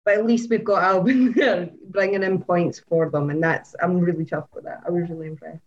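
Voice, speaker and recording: A woman chatting excitedly on a podcast, gushing and laughing often. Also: lowish voice, brisk, muffled recording. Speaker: podcast co-host. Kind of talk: casual chat about motor racing.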